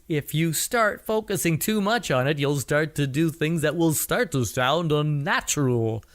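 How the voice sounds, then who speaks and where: A middle-aged man hosting a podcast, giving blunt, wry advice in a solo talk. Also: on the high side. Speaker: podcast host and coach.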